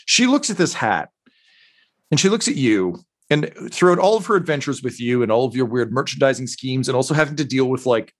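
A man's voice: medium pitch, expressive, fairly quick. A man narrating as game master of a tabletop role-playing game, rambling with many fillers.

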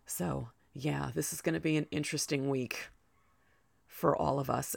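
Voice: medium pitch, gravelly, no room sound. A podcast host talking through a solo sports show, out of breath and chatty, with personal asides.

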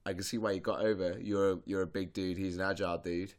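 Low-voiced guy hosting a chill podcast, jokey, lots of yeah yeah. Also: fast talker. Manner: relaxed, jokey, frequent agreeing interjections. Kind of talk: casual podcast chat.

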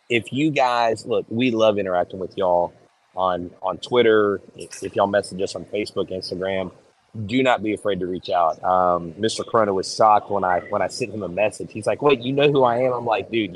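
A man co-hosting a sports podcast, chatty and quick to laugh. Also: on the low side, fairly even intonation, rough recording. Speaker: podcast co-host. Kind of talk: casual sports chat.

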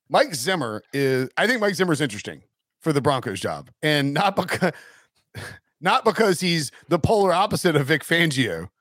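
A man's voice: fairly high pitch, fairly bright tone, dry recording, studio quality. A man hosting a casual sports talk show, rambling with many fillers and restarts. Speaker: podcast host.

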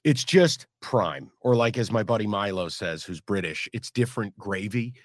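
A man's voice: fairly low pitch, moderate pace, no echo, studio quality. Easygoing man chatting on a podcast. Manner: loud, punchy ad read then relaxed, rambling chat. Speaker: podcast host. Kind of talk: casual chat and host-read ad.

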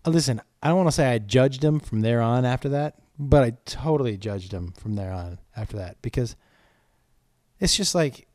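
A man's voice: medium pitch, expressive, moderate pace, darkish tone, dry recording, clean studio sound. A man hosting a casual chat, blunt and teasing, who laughs as he tells stories.

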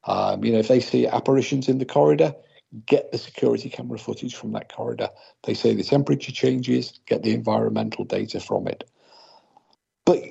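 A man's voice: mid-range voice, creaky, mellow, husky, highs cut off. A man co-hosting a casual paranormal podcast who explains things at length and thinks aloud over a remote call. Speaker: co-host, paranormal investigator.

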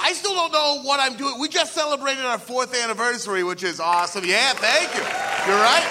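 A man doing a stand-up comedy set on a live radio show, self-deprecating, with excitable rants that climb into high shouts. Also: a little fast, crowd noise, background noise.

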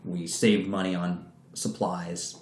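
A man's voice: deep voice, little pitch movement, takes it slowly. A man telling a story in a casual, profane way, acting out the voices of the people he quotes. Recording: roomy echo.

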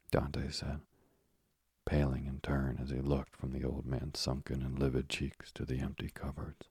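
A man narrating a classic novel as a slow, soothing bedtime story in a soft, hushed voice. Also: a bass voice, monotone, vocal fry, breathy edge, no echo, clean studio sound.

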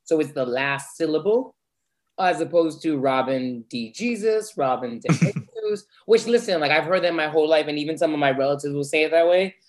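A man's voice: a little high, quick pace. A man who is a guest on a podcast, chatting casually in a playful, camp way.

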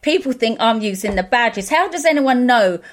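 A woman talks in a fairly high voice, chatting casually on a podcast. She tells stories with indignation and acts out what people said to her. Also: expressive, normal speed. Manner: indignant storytelling, acting out quotes. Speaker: podcast co-host. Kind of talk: casual chat.

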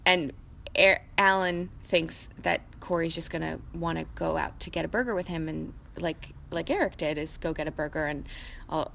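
A woman's voice: deep voice, creaky, a bit bright, slight background noise. A young woman co-hosting a podcast, recapping episodes in a rambling, emotional, casual way. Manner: rambling, emotional, quick to laugh. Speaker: podcast co-host.

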